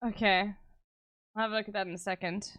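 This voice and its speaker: A woman's voice: medium pitch, fairly even intonation, fast, fairly bright tone, no room sound. A young South African woman streaming live, chatting casually with her viewers in a blunt, sarcastic way and swearing often. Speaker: livestreamer.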